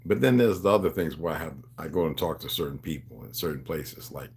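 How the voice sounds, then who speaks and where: A man's voice: rumbling low, expressive, quick pace, a little mellow. A man hosting a livestream, talking in a loose, rambling monologue. He preaches to his viewers in street slang and calls them beloved. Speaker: livestream host.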